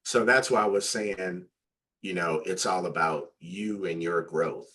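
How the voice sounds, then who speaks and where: A man talking casually in a conversation, animated and full of fillers. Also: sits low, measured pace. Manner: animated storyteller, acts out quoted voices; loose, repetitive phrasing with many "like" fillers.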